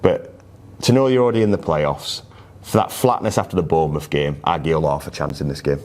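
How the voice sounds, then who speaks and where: A man's voice: a bass voice, a little fast, darkish tone. A man co-hosting a casual football chat, chatty and self-mocking. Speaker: podcast co-host.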